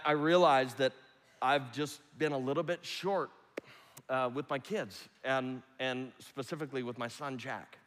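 A man preaching a sermon, with loud rising appeals that drop to hushed, almost whispered lines. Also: mid-range voice. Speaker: pastor. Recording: long reverb of a large hall.

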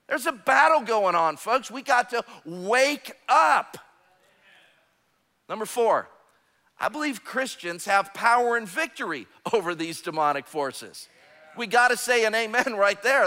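A man's voice: sits high, bright, forceful tone. A man preaching a sermon as pastor, emphatic and calling for amens. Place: church sanctuary. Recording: long hall reverb.

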